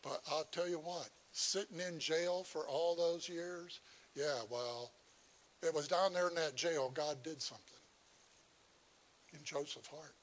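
A man's voice: a little high, a little slow, slight background noise. A man preaching a sermon as pastor, often repeating and restarting words, then driving points home with rising emphasis.

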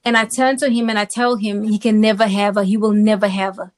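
A woman from South Africa, an interview guest telling her personal testimony in an animated way and often checking in with the listener. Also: medium pitch, brisk.

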